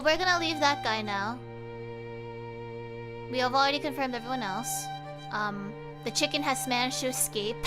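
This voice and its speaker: A woman streaming a game, chatting casually and thinking aloud to her chat. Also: a little high.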